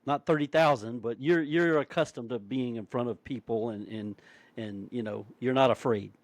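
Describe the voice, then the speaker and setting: A man's voice: mid-range voice, normal speed, no echo. Guy hosting a podcast, medium voice, dry close mic, stumbles over his question. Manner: reacts with short exclamations, asks rambling questions with repeats. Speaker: podcast host. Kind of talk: casual interview chat.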